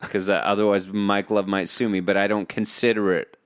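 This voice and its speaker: A man's voice: lowish voice, level tone, a little fast, clear, resonant tone. A man co-hosting a podcast in casual chat, rambling and laughing, often slipping into movie lines. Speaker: podcast co-host. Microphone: remote call.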